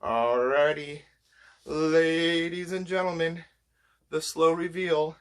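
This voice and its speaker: A man chatting to camera as he shows off a shopping haul, enthusiastic and gushing, his voice getting hoarse. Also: fairly high pitch, fairly even intonation, takes it slowly. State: voice going hoarse. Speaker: vlogger showing a shopping haul. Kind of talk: casual chat to camera.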